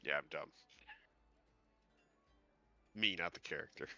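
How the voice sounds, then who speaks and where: Very deep guy mumbling short lines in a game, bright edgy tone, dull lo-fi mic. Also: measured pace, dry recording, faint music behind. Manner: terse, low-key, mumbling. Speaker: player. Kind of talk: casual tabletop play.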